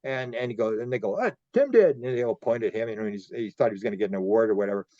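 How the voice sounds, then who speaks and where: Canadian guy telling stories on a podcast, stumbles and repeats himself, mellow voice, bit muffled. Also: on the low side, little pitch movement, rapid-fire, no echo. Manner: rambling, repeats words, acts out quoted dialogue. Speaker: podcast guest, UFO researcher. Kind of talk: storytelling interview.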